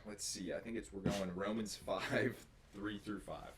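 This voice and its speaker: A man's voice: fairly low pitch, measured pace, a little hiss or hum. A young man co-hosting a podcast, talking in an earnest, encouraging way and sometimes reading scripture. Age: young adult. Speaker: podcast co-host.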